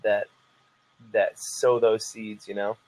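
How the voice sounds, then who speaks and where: A man's voice: on the low side, takes it slowly, low-quality recording. A man who teaches martial arts, telling a story in a casual podcast chat and filling it with "like". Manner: animated storyteller, heavy use of "like".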